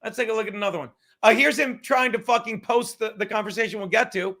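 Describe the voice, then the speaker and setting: A fast-talking man with a high, gravelly, bright voice and a forceful tone rants sarcastically for his comedy podcast. He records from his home apartment, swearing and mocking as he goes.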